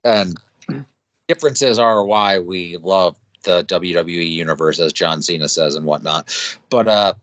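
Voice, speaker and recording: A man's voice: deep voice, unhurried, a bit bright, no room sound. A man co-hosting a podcast, opinionated and joking in a laid-back casual chat. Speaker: podcast co-host. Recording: dull dry podcast mic.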